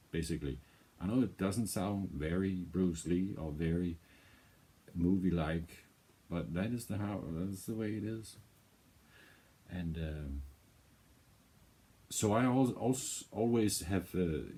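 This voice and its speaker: A man's voice: low voice, dark tone, slightly rough. A man hosting a music reaction video, rambling in casual commentary and swearing freely.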